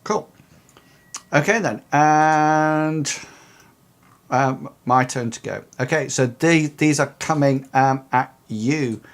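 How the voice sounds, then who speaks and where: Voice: mid-range voice, takes it slowly. A game master running a tabletop game, talking hesitantly with lots of ums and restarts.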